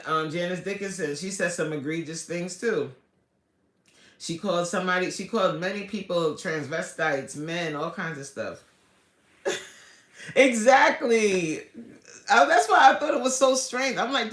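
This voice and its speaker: Chatty animated woman in an echoey room. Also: a little slow, long pauses. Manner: animated, chatty, slangy, swings up high for emphasis. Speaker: fitness coach and channel host. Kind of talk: casual livestream chat with viewers.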